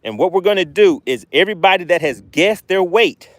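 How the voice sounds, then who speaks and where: With a high voice and lively intonation, a Southern-accented man talks briskly while fishing outdoors on a livestream. He chats cheerfully with his audience and reads their comments aloud, and there's no echo.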